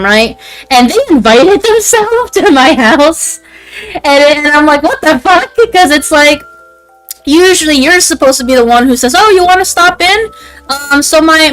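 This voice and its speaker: A woman's voice: high voice, a bit bright, poor audio. A woman in her twenties chatting casually on a stream, rambling and interrupting herself with lots of fillers. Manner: rambling, self-interrupting, frequent "like" and "um". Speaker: VTuber streamer.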